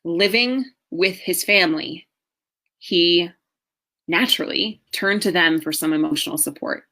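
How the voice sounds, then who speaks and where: A middle-aged woman, a marriage coach, telling her own story in an earnest, emotional way with slow pauses. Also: fairly low pitch, bright, forceful tone. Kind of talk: personal story talk.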